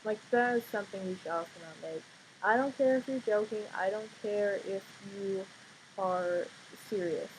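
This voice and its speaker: A young woman in her teens vlogging casually at home late at night, sleepy and quiet, rambling with fillers and blunt outbursts. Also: medium pitch, normal speed, a little hiss or hum, poor audio. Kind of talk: casual vlog monologue.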